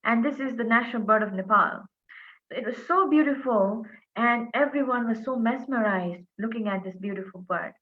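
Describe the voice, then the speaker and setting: A woman tells a folk tale with earnest energy, often pausing on little fillers. Her voice is fairly high. It comes through thin and phone-like. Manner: earnest, animated, with frequent fillers. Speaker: storyteller. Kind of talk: oral folk storytelling. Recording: tinny phone-like line.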